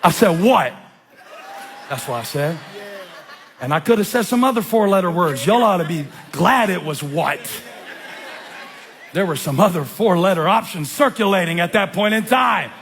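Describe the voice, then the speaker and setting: Animated pastor telling a story. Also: male voice, high voice, normal speed, some chatter behind, slight background noise. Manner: storytelling, animated and self-mocking. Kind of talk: sermon. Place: church.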